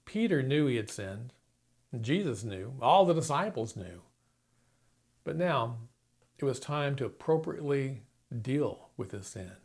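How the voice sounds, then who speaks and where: A man's voice: medium pitch, animated, a little slow, a little mellow. A man preaching a sermon, retelling a story dramatically and acting out the quoted lines. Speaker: pastor.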